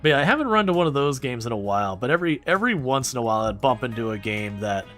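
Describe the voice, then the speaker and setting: A man streaming a game and chatting with viewers in a rambling, animated way, often restarting his sentences. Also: medium pitch, very fast, faint music behind. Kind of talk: casual gameplay commentary answering chat.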